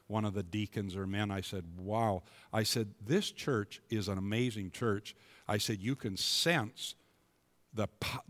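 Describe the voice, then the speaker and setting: A man preaching a sermon in a church, emphatic and building to loud, declaiming passages. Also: fairly low pitch. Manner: emphatic, rising to loud proclamations. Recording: long hall reverb.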